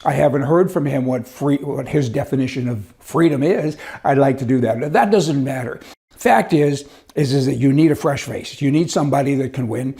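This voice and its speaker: A middle-aged man rants about politics in an indignant, sarcastic way. His voice is warm and dark, sitting at an ordinary pitch for a man. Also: normal speed. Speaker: political commentator. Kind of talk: opinionated political rant.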